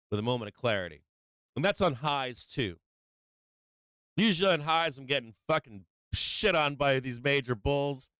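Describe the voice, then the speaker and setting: On a live stream, a male stock market host gives emphatic, brash, foul-mouthed market commentary, alternating loud emphasis with quieter, low explanation. His voice is smooth, with no echo.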